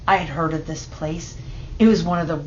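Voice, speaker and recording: A woman reading a children's picture book aloud in steady, measured narration. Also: deep voice, muffled recording, slight background noise. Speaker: storybook reader.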